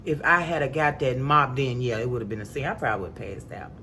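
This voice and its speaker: A woman telling a story to her viewers at home, dropping to low mutters and jumping to high panicked cries. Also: quick pace, pushed and bright, slight background noise. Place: home indoors.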